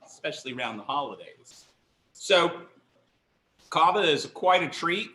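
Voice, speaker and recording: Speaking unhurriedly with long pauses, this middle-aged wine instructor has a fairly high, expressive voice that's pushed and bright, echoing in the room. He leads a live online tasting class at an indoor kitchen counter, chatty, excited and self-deprecating.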